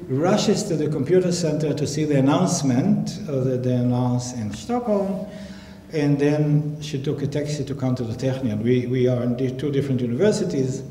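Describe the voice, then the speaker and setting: A man on a public panel telling a story in an animated way, acting out phone calls in different voices. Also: mid-range voice. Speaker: panel guest, scientist. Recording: echoey hall, faint noise.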